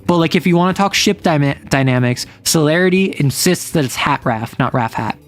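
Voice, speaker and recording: Chatty gm recapping a tabletop game, rambly, lots of "like", mid pitch voice. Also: expressive, fairly quick, faint music behind. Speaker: game master recapping a session.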